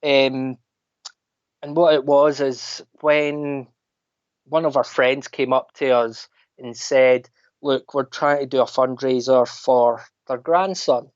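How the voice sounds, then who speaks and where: A man with a Scottish accent, a podcast guest telling animated anecdotes in casual chat. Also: mid-range voice, slow pace, no echo. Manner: animated anecdotes, mimics other people's voices. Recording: dull lo-fi dry sound.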